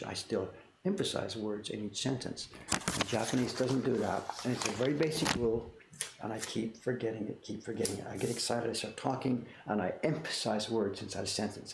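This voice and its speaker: A man in his sixties running a print shop, chatting casually on a livestream and answering viewer questions. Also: fairly low pitch. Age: 60s. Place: workshop. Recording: echoey room, faint noise.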